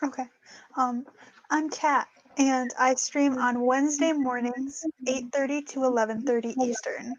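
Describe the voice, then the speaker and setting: A woman's voice: high voice, steady tone, measured pace, no room sound, highs cut off. A woman guest streamer chatting casually, self-deprecating and laughing as she talks. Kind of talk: casual livestream chat.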